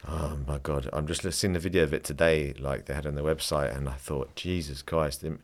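A man's voice: rumbling low, fairly even intonation, fast, gravelly. A man hosting a podcast, chatting casually in a rambling way, restarting his sentences as he shares stories. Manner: rambling, frequent restarts, laughs while storytelling. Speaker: podcast host. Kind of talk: casual chat, anecdotes.

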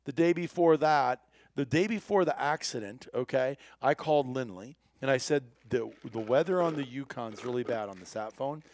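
A man's voice: mid-range voice, normal speed, no echo. A man telling a hunting trip story in casual chat, acting out the people he quotes. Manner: animated storyteller, acts out quoted voices.

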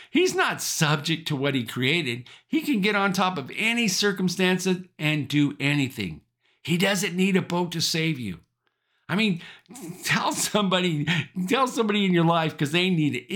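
A man preaching a sermon, emphatic and animated, repeating rallying phrases with the odd chuckle. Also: on the high side. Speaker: pastor.

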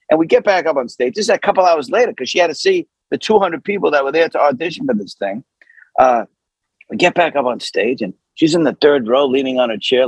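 Husky-voiced man telling a story. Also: mid-range voice, no echo, rough recording. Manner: animated, with many fillers and acted quotes. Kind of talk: conversational anecdote.

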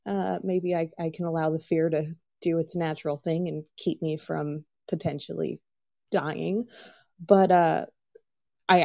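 A woman's voice: low voice, warm tone, no room sound. A woman guest in casual chat, frank and candid, with the odd curse word. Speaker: podcast guest.

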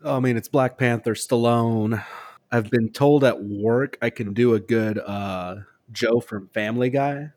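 A man with a husky voice chatting casually on a podcast, laid-back and dry. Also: mid-range voice, measured pace, a little mellow. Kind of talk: casual chat.

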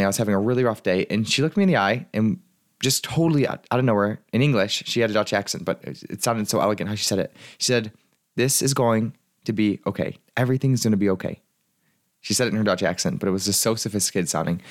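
A man in his twenties hosting a podcast as a life coach, talking earnestly in a rambling way with many fillers and restarts. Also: fairly low pitch. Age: 20s. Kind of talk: casual podcast monologue.

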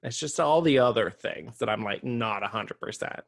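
Man, podcast co-host, campy, playful, mid-pitched voice, dry close sound. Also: moderate pace, creaky, dry recording. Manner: campy, playful, calls listeners honey. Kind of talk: casual chat.

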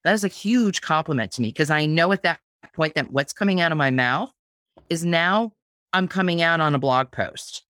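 A woman's voice: deep voice, lively intonation, moderate pace, fairly bright tone, no echo. Chatty woman guest, dry close sound. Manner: chatty, repeats words, many restarts. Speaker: guest, blogging teacher. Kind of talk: casual podcast interview.

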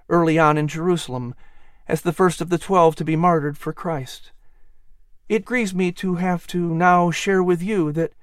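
A man's voice: high-pitched, no room sound, clean studio sound, pitched above the performer's own voice, close to an everyday voice. A man reading as a solemn old apostle. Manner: solemn, earnest. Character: old apostle writing a grieving letter. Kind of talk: letter read aloud.

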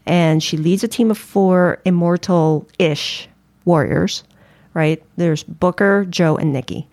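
Lower-voiced woman leading a movie chat. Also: slow, darkish tone, no echo. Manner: leads the discussion, chatty and eager. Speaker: podcast co-host. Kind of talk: casual movie review chat.

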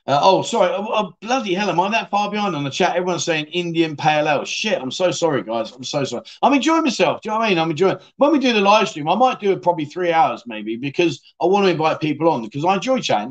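Man, middle-aged, livestream host, reads chat comments, joking, self-deprecating, fairly high-pitched. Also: highs cut off. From United Kingdom. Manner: cheeky, self-mocking, laughs often. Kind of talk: casual chat reading viewer comments.

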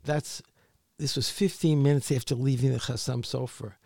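A man, an author being interviewed, telling his story in a halting way with many repeated words. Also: mid-range voice, fairly even intonation, creaky, darkish tone, no echo, studio quality. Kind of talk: conversational interview.

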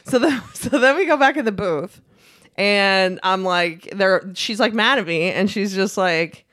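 A woman's voice: medium pitch, unhurried. A young woman co-hosting a casual chat, telling a story with lots of swearing and laughter. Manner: animated, swears a lot, laughs often. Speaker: podcast co-host.

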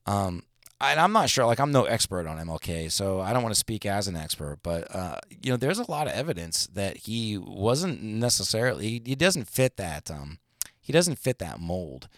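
A man co-hosting a podcast, chatting casually and retelling stories in an animated, rambling way. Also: lowish voice, normal speed, no room sound, studio quality. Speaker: podcast co-host. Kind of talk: casual chat.

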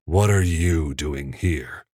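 A man voicing a tall, cunning, cruel older studio man in an audiobook, speaking smoothly with quiet menace. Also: a bass voice, slow pace, no room sound, full character voice. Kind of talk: audiobook character voice.

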